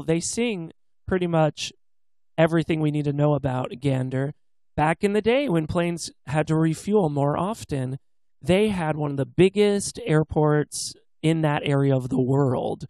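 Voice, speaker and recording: A man co-hosting a casual podcast chat, animated and playful, slipping into jokey put-on accents. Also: on the high side, moderate pace, no room sound. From Pacific Northwest. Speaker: podcast co-host.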